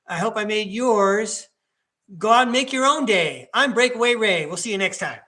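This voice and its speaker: A man's voice: high-pitched, expressive, normal speed, bright, forceful tone. A man hosting a live tarot reading in a casual, upbeat way, encouraging and speaking straight to his listener. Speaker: tarot reader and podcast host.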